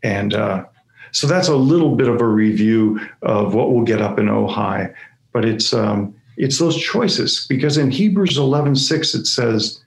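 A man delivers a sermon-style story at an unhurried pace, stumbling and repeating words as he goes. His voice has a gravelly edge to it. The room around him sounds echoey. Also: medium pitch. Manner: halting, repeats words, animated acted-out asides. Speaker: speaker.

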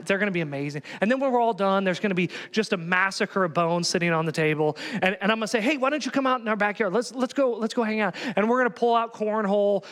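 A man's voice: sits high, fairly bright tone, long reverb tail. A man preaching a sermon as pastor, telling a story with lots of energy and acting out both sides of the conversation.

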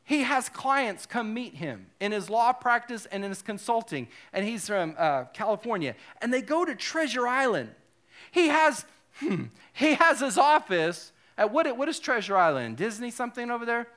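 A male pastor giving a sermon, animated and joking, with self-deprecating asides. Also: extremely high pitch, moderate pace.

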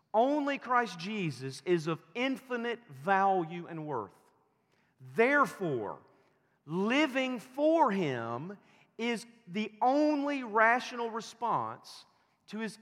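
High-voiced man preaching in a reverberant hall. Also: a bit bright. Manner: slow, emphatic preaching with repeated phrases. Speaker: pastor. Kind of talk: sermon.

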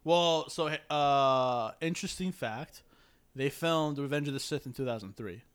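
A young man in casual podcast chat, animated and laughing often, with quick impressions of film lines. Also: medium pitch, clear, resonant tone. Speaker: podcast co-host.

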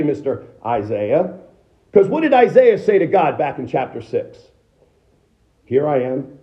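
Male American pastor, fairly high voice, conversational sermon delivery with rhetorical questions, dull muffled recording. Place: church sanctuary.

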